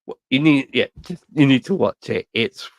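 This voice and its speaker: A man chats on a podcast, rambling through stories full of filler words and swearing. His voice is at a middle pitch and sounds dry and close. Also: normal speed, creaky, dry recording. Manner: rambling, animated storytelling, heavy swearing, lots of fillers. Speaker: podcast co-host. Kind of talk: casual chat.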